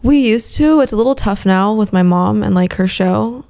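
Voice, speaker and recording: A woman guest whose first language is Spanish, chatting on a casual podcast. Her mid-range voice has a gravelly, creaky fry, and she answers in short, laid-back bursts. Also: medium pitch, moderate pace, darkish tone. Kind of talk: casual chat.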